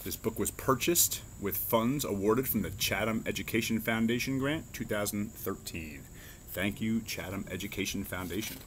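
A man reading a children's picture book aloud in an expressive storytelling manner. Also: lowish voice, moderate pace, slight background noise. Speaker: reader.

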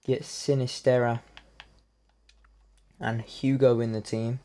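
A man commentates his own pack openings at a middling pitch, cursing freely between picks. He jumps from muttered grumbling to loud excited cheering. His talk is loose, unscripted gamer chatter. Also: slow pace. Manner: excitable, heavy swearing, bursts into loud cheers. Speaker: gamer opening card packs. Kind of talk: live reaction commentary.

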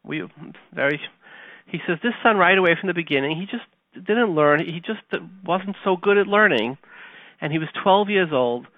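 A man hosting a radio talk show, telling a story and teaching Torah, animated and conversational, dropping to quiet retellings. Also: sits high, moderate pace, no echo. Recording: tinny phone-like line, dry.

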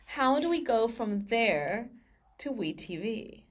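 Woman, podcast host, fairly high voice, encouraging questions. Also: very animated, slow pace. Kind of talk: interview questions.

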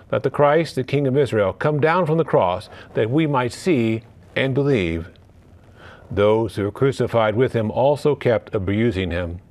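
Priest, male, lowish voice, measured Gospel reading and homily with occasional restarts.

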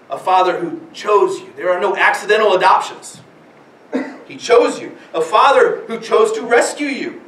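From the pulpit of a spacious church sanctuary, a very high-voiced pastor preaches a sermon full of stacked rhetorical questions and key phrases repeated for weight. He is heard from a distance, and lots of echo surrounds his speech.

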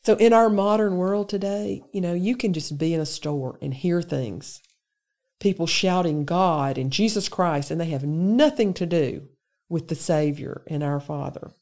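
A woman's voice: lowish voice, unhurried, darkish tone. A woman giving an earnest, conversational Bible lesson to a women's gathering. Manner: conversational, earnest, lists examples with emphasis. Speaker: women's day speaker.

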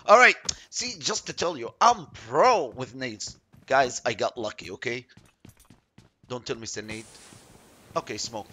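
Man, gameplay commentary, chatty and excitable, bright tense voice, swooping pitch, gunfire behind. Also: measured pace. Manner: chatty, excitable, yelps when surprised. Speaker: mobile game streamer.

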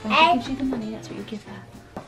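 A woman's voice: on the high side, fast, fairly bright tone, faint music behind. A British girl in a family vlog, explaining things plainly.

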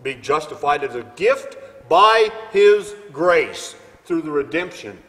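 A man preaching a sermon, his delivery swinging between quiet stretches and loud, emphatic climaxes. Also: on the high side, lively intonation, slow pace. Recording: long hall reverb.

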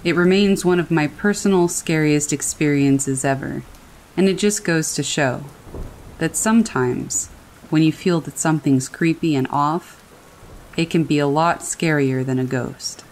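Low-voiced woman reading scary stories over rain. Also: unhurried, a little mellow, slight background noise, poor audio. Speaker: horror story narrator. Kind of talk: scripted narration of reader stories. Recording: faint rain behind the voice. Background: rain falling.

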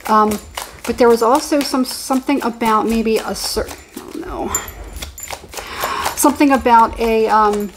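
A woman reading tarot cards in a casual, chatty way, with a voice that sits a little higher than most. She gets excited easily and rambles, often restarting her sentences. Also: measured pace, long pauses, background noise. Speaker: tarot reader.

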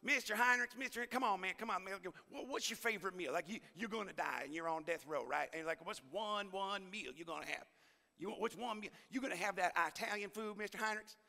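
A man putting on a nasal Southern schoolboy, high and wheedling, who fires off teasing questions at his teacher. His pushy, bright voice rings out with a long reverb from the hall. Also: a little fast, vocal fry, exaggerated voice. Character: nasal seventh-grade boy with thick Southern drawl.

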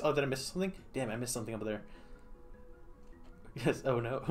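Man, game streamer, playful casual commentary, giggly, mid pitch, faint music behind. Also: fairly quick.

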